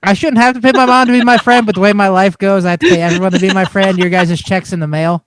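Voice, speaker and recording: A man's voice: high voice, steady tone, fast, a bit bright, a little hiss or hum. A man co-hosting a casual podcast, joking and laughing often as he chats. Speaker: podcast co-host. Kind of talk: casual chat.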